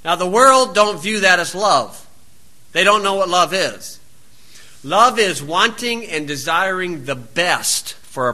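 A man's voice: high voice, pushed and bright. A male preacher delivering a blunt, plain-spoken, scolding sermon.

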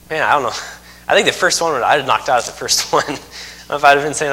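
Male preacher, folksy, emphatic, bright edge. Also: on the high side, lively intonation, fast talker. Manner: folksy, joking asides, emphatic repetition. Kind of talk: sermon.

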